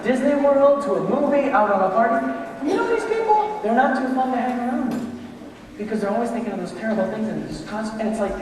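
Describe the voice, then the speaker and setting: A man giving a lively motivational leadership talk to a live audience, acting out the voices of people in his examples. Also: very high-pitched, quick pace, a little hiss or hum. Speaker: motivational speaker. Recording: echoey hall, mic from a distance.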